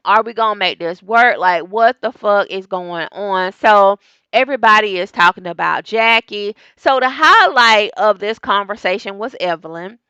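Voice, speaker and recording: A woman reviewing a reality TV show in a casual, gossipy vlog, talking straight to her viewers and getting animated when excited. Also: on the high side, clean tone, dry recording. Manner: chatty and gossipy, talks straight to viewers as "y'all" and "girl". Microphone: desk microphone.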